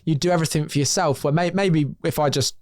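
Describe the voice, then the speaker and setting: An English podcast host with a slightly high voice, close and dry on the mic. He asks loose, reflective questions and throws in jokes between them. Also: quick pace, dry recording. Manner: chatty, jokey, reflective questions. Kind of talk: casual interview chat.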